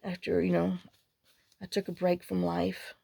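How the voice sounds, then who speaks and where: Gravelly, chatty woman crafting on camera. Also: fairly low pitch, monotone, measured pace, warm tone, no room sound. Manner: rambling, chatty storyteller who mutters to herself while working. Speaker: journal crafting vlogger. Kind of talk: casual chat while crafting.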